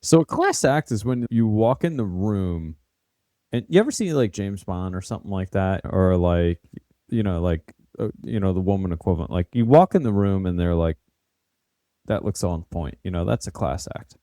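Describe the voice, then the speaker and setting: A man co-hosting a casual podcast, rambling through jokes full of fillers. His pitch swings widely. The sound is dry and close. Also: animated, normal speed, warm tone, dry recording. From United States. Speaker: podcast co-host.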